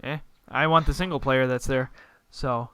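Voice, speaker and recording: Emphatic young man with a smooth, dry voice. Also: mid-range voice, steady tone, normal speed, fairly bright tone, dry recording. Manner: enthusiastic, emphatic, rambling. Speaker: podcast co-host. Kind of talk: casual gaming podcast chat.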